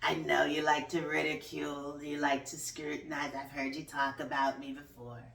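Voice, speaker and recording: A woman's voice: deep voice, flat delivery, normal speed, gravelly, a bit bright, recorded from a distance. Woman doing a smug male politician. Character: mocking impression of a male politician. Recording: roomy echo, off-mic.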